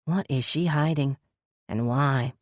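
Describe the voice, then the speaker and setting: A woman's voice: slow pace, no room sound, clean studio sound, full character voice. A woman voicing a determined female police officer in an audiobook, speaking earnestly and soothingly. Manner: earnest, steady, low and soothing.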